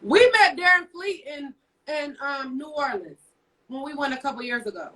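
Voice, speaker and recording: A woman's voice: high voice, lively intonation, normal speed, sharp tone, recorded from a distance, rough recording. A woman co-hosting a casual live stream, telling stories in a blunt, profane rant. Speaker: co-host. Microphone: phone livestream.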